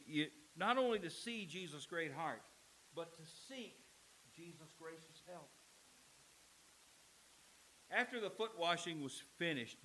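Male pastor, emphatic sermon delivery with dramatic pauses, slightly high voice, light hiss. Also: sharp tone, poor audio. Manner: emphatic preaching, dramatic pauses, acts out quoted lines.

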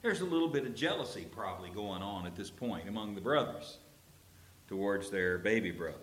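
A male pastor preaching a sermon, telling a Bible story with lively acted-out quotes. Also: on the low side, fairly quick. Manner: animated storytelling, acts out quoted characters. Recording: roomy echo.

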